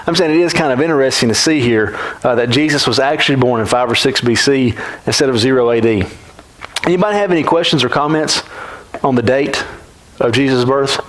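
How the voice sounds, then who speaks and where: A man's voice: medium pitch, fairly quick, a bit bright, low-quality recording. A man teaching a Bible class in a church classroom, talking conversationally and often checking in with the class by asking "right?".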